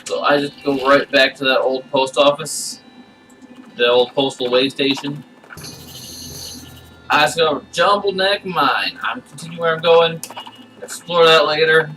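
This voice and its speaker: A man's voice: a little high, measured pace, pauses often, bright, forceful tone, distant mic, a little hiss or hum, rough recording. A man reading a game's text aloud and adding wry, bemused comments, sometimes stammering. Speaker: gamer playing through a game.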